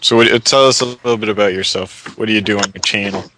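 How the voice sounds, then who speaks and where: Male podcast host, opinionated, casual, forceful bright delivery. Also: lowish voice, steady tone, low-quality recording. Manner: opinionated, quick restarts. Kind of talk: casual gaming podcast chat.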